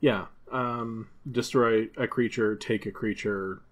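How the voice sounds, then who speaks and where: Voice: mid-range voice, fairly even intonation, slow pace, slight background noise. A podcast co-host in casual chat who thinks aloud, with frequent fillers and restarts. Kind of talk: casual podcast chat about a card game.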